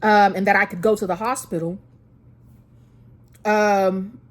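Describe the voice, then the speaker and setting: A woman's voice: medium pitch, fairly even intonation, measured pace. A woman in her twenties telling a personal story to camera in a chatty way, full of fillers and restarts, and near tears at times. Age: 20s. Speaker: vlogger.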